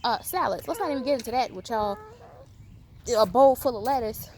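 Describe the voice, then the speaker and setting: A woman's voice: fairly high pitch, lively intonation, brisk, darkish tone, slight background noise. A woman talking straight to the camera in an emphatic, scolding way, firing rhetorical questions at her viewers in a vlog. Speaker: video host. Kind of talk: animated lecturing vlog.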